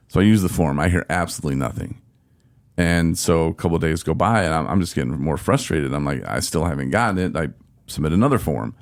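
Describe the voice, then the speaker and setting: A low-voiced man hosts a casual podcast chat. He tells his story with animated exasperation and acts out his own quotes as he goes. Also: fairly quick. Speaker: podcast host.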